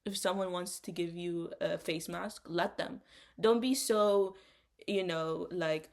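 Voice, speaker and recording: A woman's voice: fairly low pitch, fairly even intonation, slow. A young woman co-hosting a casual podcast chat, talking in an earnest, encouraging way. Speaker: podcast co-host.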